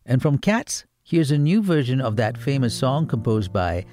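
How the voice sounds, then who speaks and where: A man's voice: mid-range voice, big pitch swings, normal speed. A man presenting film picks on the radio, playful and given to jokey asides. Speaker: radio movie reviewer. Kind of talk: radio film recommendations segment.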